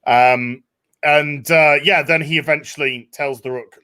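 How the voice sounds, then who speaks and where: A man hosting a casual discussion, animated, acting out quotes. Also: a little high, a little slow, clean tone. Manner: animated, acts out quotes in voices. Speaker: podcast host.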